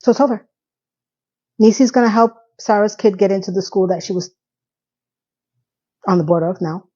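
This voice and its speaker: A woman's voice: mid-range voice, normal speed, mellow, highs cut off. Chatty, sarcastic woman recapping TV. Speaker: TV recap vlogger. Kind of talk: casual TV episode recap.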